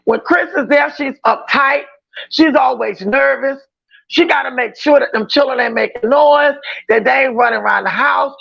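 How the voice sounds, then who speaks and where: Brief: outspoken woman streamer, high gravelly voice, dull lo-fi audio. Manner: emphatic, outspoken, often raising her voice. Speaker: livestream reaction host. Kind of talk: casual livestream commentary.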